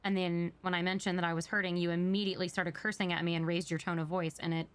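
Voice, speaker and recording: A woman's voice: fairly low pitch, little pitch movement, fast talker, clear, resonant tone. A woman talking in character during a role-play, earnest and explaining herself at length.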